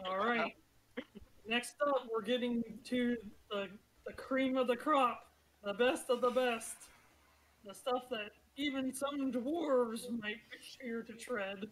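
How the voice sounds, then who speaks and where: A woman's voice: fairly high pitch, takes it slowly, low-quality recording. A woman narrating as game master, chatty and prone to laughing. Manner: giggly, chatty narration with fillers. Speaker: dungeon master.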